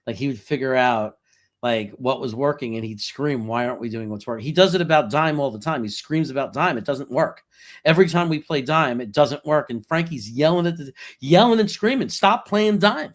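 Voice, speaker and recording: Animated man in casual football talk. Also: a little high. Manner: animated, chuckling, talks in long run-on thoughts. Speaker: podcast co-host. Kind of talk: casual sports chat.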